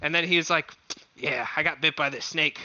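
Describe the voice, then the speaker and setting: A young man co-hosting a podcast, telling stories in an animated, profane, casual way. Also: on the high side, brisk. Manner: animated storyteller, heavy swearing. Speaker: podcast co-host. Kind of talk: casual chat. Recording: dull lo-fi sound.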